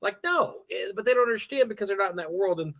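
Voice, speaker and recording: A man in casual livestream chat, rambling through animated anecdotes and acting out the quotes. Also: high voice, quick pace, creaky.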